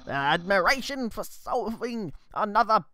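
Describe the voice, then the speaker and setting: Papyrus, a man doing a booming boastful skeleton. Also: sing-song, a little slow, sharp tone, slight background noise, heavily acted. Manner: booming, self-important proclamations. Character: loud boastful young skeleton man, goofy. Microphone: headset.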